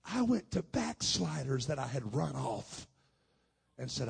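A male preacher delivers a testimony from the pulpit with a gravelly, rough-edged voice. His tone is husky and worn. He swings between hushed, confiding stretches and loud, impassioned pushes. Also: mid-range voice, sing-song, a little slow. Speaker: pastor. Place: conference hall.

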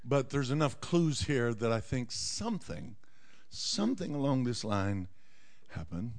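A male preacher telling a Bible story at a slow, deliberate pace, his pitch rising and falling with lively drama. He acts out scenes and drops in folksy asides.

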